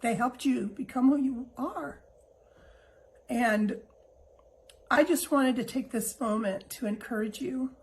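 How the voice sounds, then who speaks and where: Speaking directly to her listeners, a middle-aged woman host delivers a heartfelt monologue in a soft, reassuring, somewhat high voice. She's gentle and unhurried, with long pauses between thoughts, and sounds emotional and near tears. The recording quality is low.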